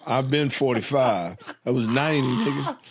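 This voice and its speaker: A man's voice: medium pitch, normal speed, over a noisy crowd. A man talking as a guest comedian on a podcast, laid-back and profane as he tells stories. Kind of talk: casual chat.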